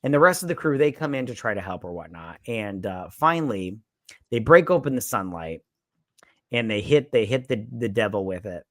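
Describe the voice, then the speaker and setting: A man's voice: on the low side, expressive, moderate pace, dry recording, clean studio sound. A man casually recapping a movie plot, rambling and profane and tacking on "and everything.". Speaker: podcast guest reviewer.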